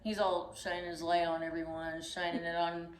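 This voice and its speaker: A young woman telling a story in casual chat, animated and acting out the voices in it. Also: lowish voice, normal speed, a little hiss or hum. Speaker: storyteller host. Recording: echoey room.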